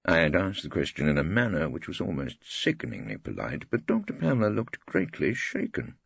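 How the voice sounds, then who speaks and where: An older English man narrating an audiobook in the first person, dry, wry and measured. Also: low-pitched, very animated, creaky, a bit bright, slightly rough, dry recording. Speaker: audiobook reader. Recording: dull dry studio audiobook.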